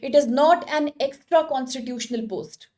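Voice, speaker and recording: A woman's voice: sits high, normal speed, a little mellow. A woman with an Indian English accent teaching an online exam-prep lecture, explaining step by step and asking rhetorical questions of her students.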